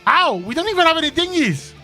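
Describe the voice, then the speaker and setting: A man voicing a jittery, excitable young pirate lackey in a fan voice-over of game dialogue. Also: very high voice, fast talker, faint music behind, voice pushed up, heavily acted.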